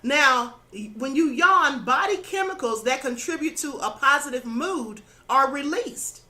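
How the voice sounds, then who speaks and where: A woman with a high, bright voice gives a spiritual lesson in an earnest, instructive way. She checks in with the listener as she goes, and her voice sounds a little worn. She talks as the host of her own channel. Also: animated, measured pace. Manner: earnest, instructive, adds "okay?" and "you know". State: slightly losing her voice. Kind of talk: spiritual teaching monologue.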